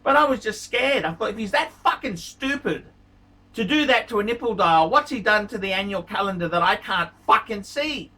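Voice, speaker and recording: A man's voice: sits high, expressive, moderate pace, bright, forceful tone, distant mic. A man, a watch vlogger, ranting angrily into the camera with heavy swearing and repeated insults. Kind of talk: angry profane rant to camera.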